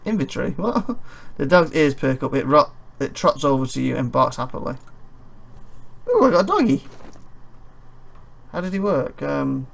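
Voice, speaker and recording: A man's voice: mid-range voice, normal speed, gravelly. A tired man playing a game and reading its text aloud, with rambling commentary and chuckling asides. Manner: rambling, chuckling asides between read-out passages. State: tired and yawning. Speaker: let's play host.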